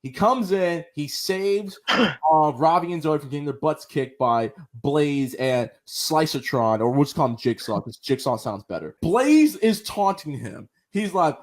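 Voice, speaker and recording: A man co-hosting a casual podcast, talking in an animated, slangy way and acting out lines with big jumps in pitch. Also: unhurried. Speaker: podcast co-host. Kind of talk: casual show review chat.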